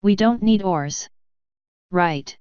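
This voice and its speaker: A woman's voice: mid-range voice, slow pace, smooth, no room sound, muffled recording, natural voice. A woman reading as a cheeky young female pony. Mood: playful. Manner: playful, cheeky.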